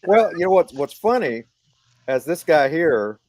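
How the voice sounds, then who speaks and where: A man's voice: on the high side, big pitch swings, a little slow, crowd noise. A man co-hosting a casual movie discussion, mostly agreeing and chiming in briefly. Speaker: co-host.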